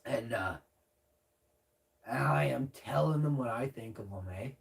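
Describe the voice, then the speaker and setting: A man's voice: medium pitch, a little slow, creaky, far from the mic. A young man telling a brash, profane story in a casual livestream monologue. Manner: brash, profane, rambling, acts out his own shouts. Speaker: live streamer. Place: home room at night. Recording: voice set back from the mic.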